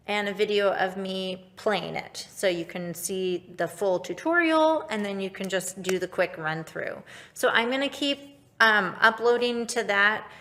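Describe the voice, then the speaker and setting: A woman's voice: medium pitch, sharp tone. A woman music teacher giving an upbeat online recorder lesson, speaking directly to her pupils.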